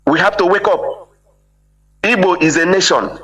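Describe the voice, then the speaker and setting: An emphatic man speaks on a live call-in, keeping his pitch a little high and his tone bright and forceful. He keeps tossing in "eh?" to press his point. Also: normal speed, poor audio. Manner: emphatic, repeats "eh?" for agreement. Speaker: caller. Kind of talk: impassioned call-in speech.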